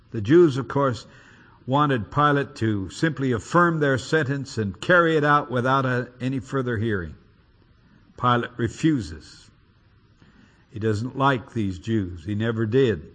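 In a husky, medium-pitched voice, a man delivers an expository sermon. He reads the Bible with lively emphasis and theatrically delivered quotations while explaining the text.

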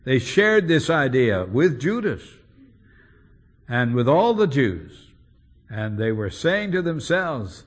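A man's voice: medium pitch, sing-song, slow. A man preaching an expository sermon, emphatic and using rhetorical questions.

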